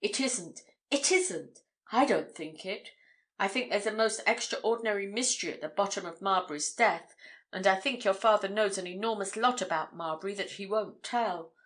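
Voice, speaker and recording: A woman's voice: mid-range voice, moderate pace, fairly bright tone, close to an everyday voice. A woman reading the part of a blunt, eager young male journalist, hearty and emphatic in his protests.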